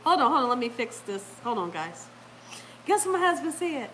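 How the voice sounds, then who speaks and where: A woman with a high voice tells a story casually to her audience. She is animated, laughs often, and slips into the voices of the people in her tale. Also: brisk, a little hiss or hum, rough recording. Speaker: vlogger talking to her live chat.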